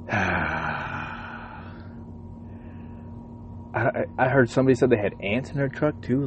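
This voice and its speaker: A man's voice: low-pitched, moderate pace, slight background noise. A man, a truck driver, talking casually from his parked truck cab at a truck stop and ranting profanely with lots of energy. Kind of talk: casual vlog monologue.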